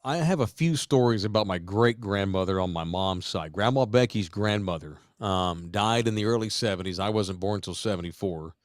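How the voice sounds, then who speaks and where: A man's voice: lowish voice, normal speed, hardly any pauses, dry recording, studio quality. A man in his forties from Texas, hosting a podcast and telling a family story in casual, profane chat. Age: 40s. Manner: profane, animated storyteller, shouts quoted lines. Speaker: podcast host.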